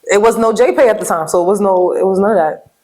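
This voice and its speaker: Young Brooklyn woman, guest on a casual talk show, quick lively storytelling, New York accent. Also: medium pitch, rough recording. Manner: animated storyteller, acts out quotes, laughs often.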